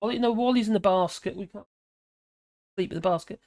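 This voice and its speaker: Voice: medium pitch, fairly quick, darkish tone. A British host in their fifties, chatting casually on a live stream and reading out notes, rambling off on tangents and laughing along the way. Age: 50s. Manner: rambling, chatty, often laughing and wandering off topic. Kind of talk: casual commentary reading and digressing.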